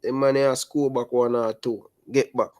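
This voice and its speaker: A young adult man with a Jamaican accent, chatting casually about football in animated patois. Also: mid-range voice, moderate pace, no echo. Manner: animated, speaks Jamaican patois and calls listeners brother. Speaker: football channel host. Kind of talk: casual chat.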